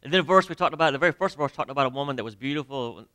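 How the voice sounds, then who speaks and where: A man preaching a sermon to his congregation, emphatic, with sudden drops to near quiet and direct questions to the listeners. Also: medium pitch, very fast, dry recording. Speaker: pastor. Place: church sanctuary.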